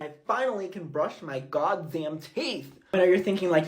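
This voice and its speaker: A man's voice: high voice, normal speed. A young man vlogging casually, telling a travel mishap in a dramatic, exasperated way, swearing and squealing when indignant. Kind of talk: casual vlog storytelling.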